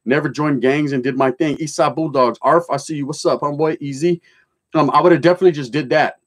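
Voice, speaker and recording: A middle-aged man hosts a livestream, reading chat comments aloud and bluntly telling his own stories in swearing street slang mixed with Spanish words, shifting from joking to serious. His voice is on the high side, quick-paced, with fairly even intonation.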